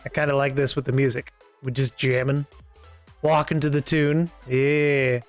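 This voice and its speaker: A man's voice: mid-range voice, level tone, normal speed, faint music behind. A Canadian man casually chatting through a live game stream, with rambling, self-mocking asides. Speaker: gaming streamer.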